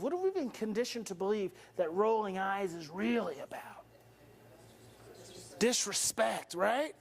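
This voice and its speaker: A man with a notably high voice lectures a workshop with theatrical energy. He swings into acted-out scenes and peppers the room with rhetorical questions. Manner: dramatic, acts out parents and brains, rhetorical questions. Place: workshop hall before an audience.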